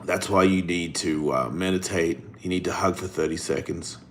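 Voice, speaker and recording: A man's voice: low-pitched, moderate pace, a bit bright, slight background noise. A middle-aged man hosting a casual live stream, reading the chat and answering in a blunt, rambling way with free swearing.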